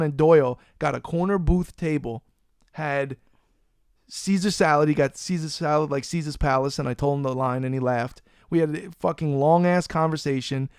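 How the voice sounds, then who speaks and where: Animated, foul-mouthed podcast host, higher-pitched man. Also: clean tone, no echo, studio quality. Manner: animated, profane, loose storyteller. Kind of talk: casual storytelling chat. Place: Florida.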